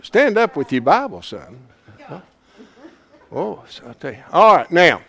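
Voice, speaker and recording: A man teaching a Bible class in a folksy, plain-spoken way, swinging from hushed asides to loud emphasis. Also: a little high, sing-song, a little slow, gravelly.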